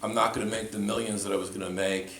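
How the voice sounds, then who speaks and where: A pastor delivers a sermon in a storyteller's manner, retelling a conversation in quotes. His voice is fairly low, fast, creaky and a bit bright, with little pitch movement, recorded in an echoey church with faint ambience.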